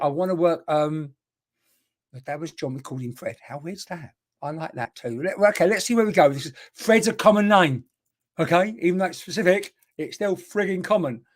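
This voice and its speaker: Chatty man giving a live spirit reading. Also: a little high. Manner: chatty, rambling, exclaiming, talking to unseen spirits and viewers. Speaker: spiritual medium. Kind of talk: live online mediumship reading.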